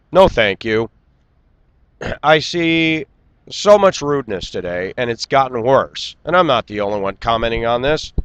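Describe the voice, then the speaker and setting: A man delivering an indignant, lecturing rant straight to camera and clearing his throat now and then. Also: mid-range voice, noisy background. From United States. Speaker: vlogger. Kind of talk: ranting monologue.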